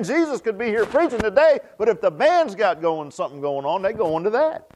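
An older man preaching a sermon in a folksy, animated way, repeating phrases for emphasis. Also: high voice, fairly quick. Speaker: pastor.

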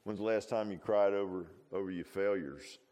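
A man's voice: on the low side, fairly even intonation, normal speed, dark tone. A man preaching a sermon in a folksy, conversational way, full of rhetorical questions and asides.

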